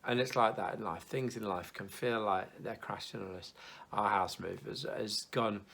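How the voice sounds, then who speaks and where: Young man, church youth leader, casual video devotional, gravelly tone, earnest and reassuring. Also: mid-range voice, fairly bright tone.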